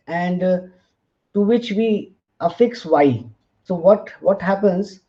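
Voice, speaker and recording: A man's voice: high-pitched, mellow. A man teaching a linguistics lecture, spelling out letters and checking in with "fine" as he moves through examples. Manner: slow, deliberate, spells out letters, frequent "fine" and "uh". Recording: slightly dull, lo-fi audio.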